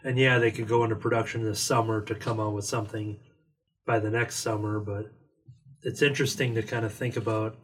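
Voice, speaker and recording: A man's voice: on the low side, little pitch movement, fairly quick, husky. Rambling man in casual movie chat. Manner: rambling, heavy on "like" fillers. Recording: distant mic with faint noise.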